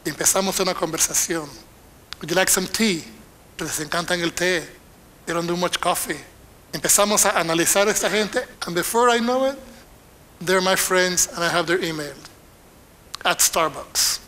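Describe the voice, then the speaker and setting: High, bright-voiced older bilingual preacher. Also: male voice, moderate pace, pauses often, a little hiss or hum. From Panama. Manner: switches between Spanish and English line by line, animated. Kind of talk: bilingual sermon.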